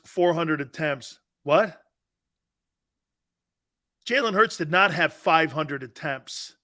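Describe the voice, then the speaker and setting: A man's voice: on the high side, sharp tone. A man hosting a sports talk radio show, brash and emphatic, arguing his points in slangy banter full of "man" and "dude". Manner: argumentative, laughing off callers' views.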